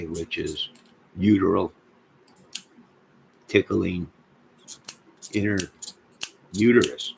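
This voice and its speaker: A man with a low, gravelly voice rambles through a casual livestream chat, cracking deadpan jokes at his viewers. Faint noise hums under the recording. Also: low-quality recording. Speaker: livestream host.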